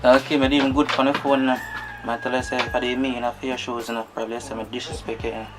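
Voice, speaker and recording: A man's voice: medium pitch, flat delivery, racing, over music, lightly acted. A man with a Jamaican accent playing a young man who confides in a friend and then comforts her, talking casually in patois. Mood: confiding. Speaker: actor. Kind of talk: Jamaican patois movie acting.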